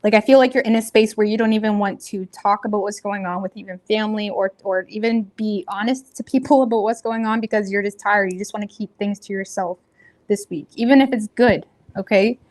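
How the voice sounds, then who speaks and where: A woman with a Nova Scotian accent doing a tarot reading in a rambling, casual chat, full of fillers and self-corrections, blunt and quick to laugh. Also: mid-range voice, steady tone, darkish tone. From Nova Scotia, Canada. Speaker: tarot reader.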